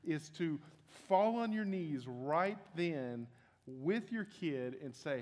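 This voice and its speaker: A man's voice: on the high side, expressive, takes it slowly, darkish tone. A young man preaching a sermon as pastor, earnest and conversational, often restarting his sentences. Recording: long hall reverb.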